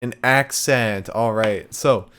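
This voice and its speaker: A man's voice: lowish voice, slow, fairly bright tone, smooth. A young man hosting a live podcast, joking loosely, laughing easily and talking to his chat. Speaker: podcast host. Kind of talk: casual livestream podcast hosting.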